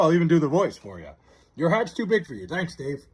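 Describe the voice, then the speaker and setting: A man livestreaming from his house, casually chatting and reading out viewer comments, loose and profane, drawling joke names slowly. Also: a little high, wildly swooping pitch, slightly rough. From New York area.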